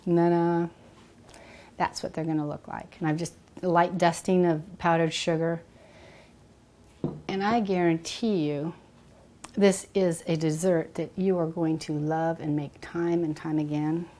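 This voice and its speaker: A woman's voice: fairly low pitch, flat delivery, measured pace, warm tone. Chatty middle-aged woman cooking on camera. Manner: chatty and enthusiastic, thinks aloud. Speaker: cooking show host. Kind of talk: casual cooking demonstration. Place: kitchen.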